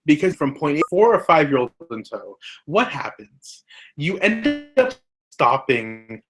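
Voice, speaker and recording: A rabbi gives a lecture in a fairly high-pitched male voice. He explains his points step by step and pauses on questions to the listener, staying earnest throughout. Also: big pitch swings, music in the background. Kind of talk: recorded lecture.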